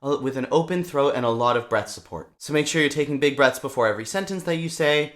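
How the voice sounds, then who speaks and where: A young man teaching singing to camera as a vocal coach, talking in a lively way and breaking off to demonstrate voice sounds. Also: a little high, quick pace.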